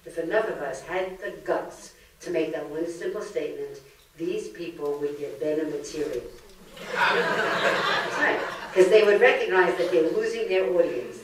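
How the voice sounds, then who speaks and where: A woman's voice: fairly low pitch, normal speed. Older lady giving a funny talk, heard from far back in a big echoey room, faint hiss. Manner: lively comic delivery, acts out quoted voices. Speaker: lecturer. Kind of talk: humorous public lecture. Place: library lecture room.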